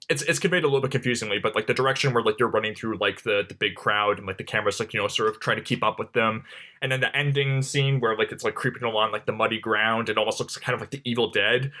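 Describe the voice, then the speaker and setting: A man's voice: lowish voice, sharp tone. A man co-hosting a podcast, talking through a film in a loose, rambling way full of "like" fillers. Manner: rambling, heavy use of "like" fillers. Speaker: podcast co-host. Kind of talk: casual film discussion.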